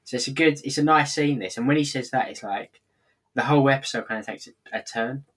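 A man's voice: mid-range voice, a little fast, a bit bright, husky. A man co-hosting a podcast, chatting casually and with enthusiasm about a sitcom. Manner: enthusiastic, keeps calling things brilliant. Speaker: podcast co-host.

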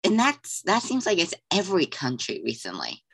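A woman with a notably low voice that still moves around a lot chats as a podcast co-host. Her replies are short and agreeable, and she mostly chimes in to back up her partner. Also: wildly swooping pitch, moderate pace, creaky, fairly bright tone, breathy edge. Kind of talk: casual chat.

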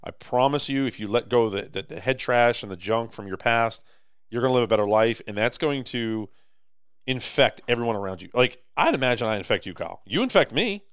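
A man with an American accent co-hosting a podcast in casual chat, rambling and animated, swinging between loud and soft. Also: mid-range voice, a little fast, smooth, no room sound, studio quality. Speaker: podcast co-host.

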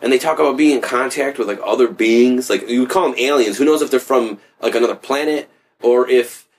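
A man's voice: mid-range voice, a little fast, slightly rough. Rambling man in casual chat. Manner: rambling, loose, swears casually, many fillers. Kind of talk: casual conversation.

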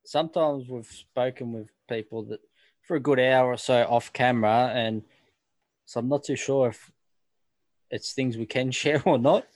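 A man's voice: mid-range voice, normal speed, darkish tone, no echo. An Australian man co-hosting a podcast in casual chat, laid-back and hesitant. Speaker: podcast co-host.

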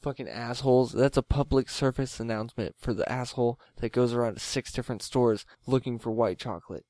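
A man's voice: medium pitch, steady tone, brisk, mellow, dry recording. Profane, laughing man on a podcast. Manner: profane, rambling, laughing often. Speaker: podcast co-host. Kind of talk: late-night casual podcast banter.

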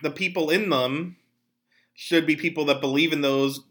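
A man hosting a podcast, talking casually about politics with animated, jokey asides. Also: fairly high pitch, normal speed. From Pennsylvania. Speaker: podcast host.

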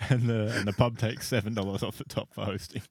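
A man's voice: fairly low pitch, fairly even intonation, fairly quick, vocal fry, slightly rough, dry recording. A man co-hosting a podcast, dropping dry wisecracks and laughing in casual chat. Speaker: podcast co-host.

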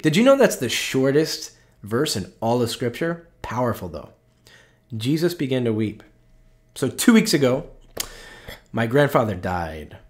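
A male pastor giving a conversational, openly emotional sermon, often checking in with "right?" and slowing down on tender points. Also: mid-range voice. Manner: earnest and personal, with frequent "right?" asides.

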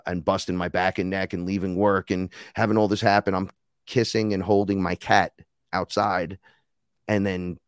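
Man, low voice, dry close sound, casual podcast guest, animated storyteller, acts out quotes, swears freely. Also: dry recording. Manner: animated, profane storytelling, acting out quoted dialogue. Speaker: podcast guest, rapper and shaman.

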